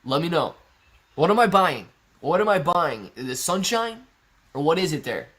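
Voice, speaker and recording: Reading stock-chat comments aloud on a relaxed livestream, this male host answers chattily, laughs a lot, and drops "man" and "bro" freely. He talks at normal speed in a slightly high, husky, fairly bright voice with big swings in pitch.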